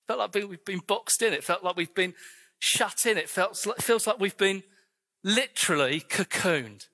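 A man's voice: sits high, lively intonation, normal speed, pushed and bright, long reverb tail. A man preaching a sermon as a visiting preacher, urging the congregation on with chatty, joking asides. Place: church.

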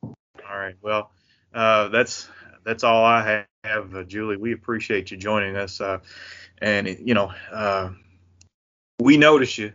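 A man with a Kentucky accent, co-hosting a podcast and asking casual questions in a folksy, halting way with many "uh"s. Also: fairly low pitch, fairly even intonation, fairly bright tone, muffled recording. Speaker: podcast co-host. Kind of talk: casual interview.

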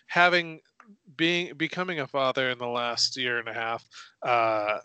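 A man's voice: medium pitch, fairly even intonation, a little slow, pushed and bright, smooth, no echo. A young man co-hosting a podcast over a video call, musing in a casual, playfully wry way. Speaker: podcast co-host. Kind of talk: casual chat.

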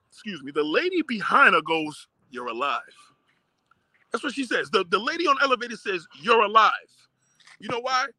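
A man's voice: high voice, bright, forceful tone, slightly rough, no echo. A man ranting profanely and emphatically on a livestream, repeating himself as he talks outdoors on a phone. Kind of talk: casual rant on a livestream.

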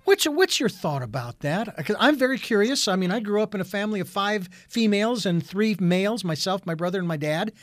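A male host with a notably high voice chats casually, often laughing and pausing with fillers. The sound is dry and close, with no room around it. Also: animated, fairly bright tone, dry recording. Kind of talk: casual interview chat.

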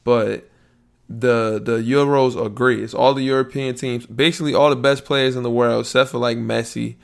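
A man hosting his own podcast alone, rambling in a relaxed, slangy way and thinking out loud. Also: mid-range voice, moderate pace, creaky. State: yawning, a bit sleepy. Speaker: podcast host. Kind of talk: casual solo podcast monologue.

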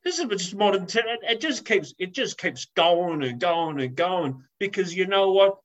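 A man with a high-pitched voice rants through a story in casual podcast chat. He swears freely and slips into voices for the people he describes. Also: measured pace, lo-fi sound. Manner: animated ranting, swears, acts out voices.

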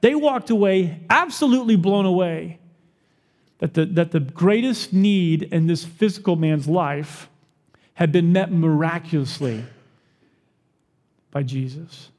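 High-voiced pastor preaching in a hall. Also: male voice, measured pace, pauses often. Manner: animated, asks the crowd questions, acts out quoted voices. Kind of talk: sermon.

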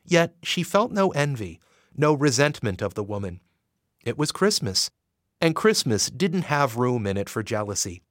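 Male audiobook narrator, expressive, animated pitch, dry close sound. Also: no echo. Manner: expressive, measured storytelling.

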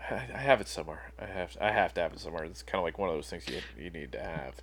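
A man's voice: deep voice, expressive, very fast, crowd noise. A man co-hosting a podcast in casual chat, laid-back and dry, often trailing off. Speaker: podcast co-host.

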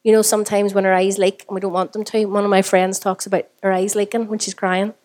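A woman's voice: mid-range voice, flat delivery, fast, a little mellow. A woman pastor with a Northern Irish accent, preaching a sermon in a conversational way and putting rhetorical questions to the congregation. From Northern Ireland.

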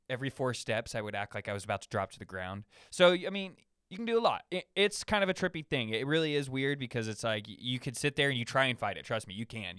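A man's voice: fairly low pitch, a bit bright, smooth, no room sound, studio quality. A young man hosting a podcast from his room, rambling casually in a laid-back, slangy way with lots of fillers and restarts. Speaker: podcast host. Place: his own room at home.

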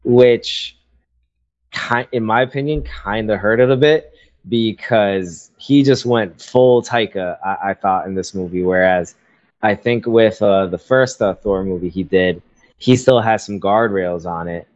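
A man giving his opinion in a casual podcast chat, hesitating often and restarting his sentences. His voice sits a little low. The recording sounds dull and lo-fi. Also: a little slow, a little mellow. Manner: hesitant, many fillers and restarts. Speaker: podcast co-host.

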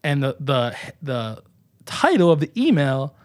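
Animated New York man telling a story. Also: on the high side, measured pace. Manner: animated, profane, acts out quoted voices. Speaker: podcast guest. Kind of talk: casual storytelling.

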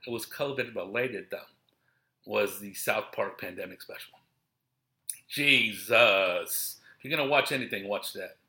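A man's voice: on the low side, measured pace, bright, forceful tone. A man telling casual, profane stories from his shows, full of slang and acted-out quotes. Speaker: comedian talking about his shows. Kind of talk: casual rambling chat.

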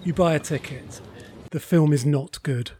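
A man's voice: fairly high pitch, breathy edge. A man hosting a horror podcast, reading a wry scripted intro and then chatting casually. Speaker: podcast host.

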